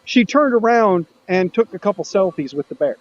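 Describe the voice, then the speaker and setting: A man's voice: sits high, lively intonation, moderate pace, dull audio, a little hiss or hum. A man hosting a casual livestream chat, telling stories in a rambling way with frequent restarts. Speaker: host of a maker livestream.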